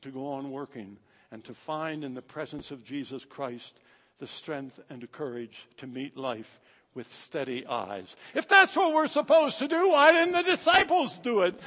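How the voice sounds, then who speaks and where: Brief: male preacher, high voice, dramatic rhythmic sermon, long hall echo. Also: big pitch swings, measured pace. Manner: dramatic, rhythmic delivery swinging from loud to hushed. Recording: echoey hall.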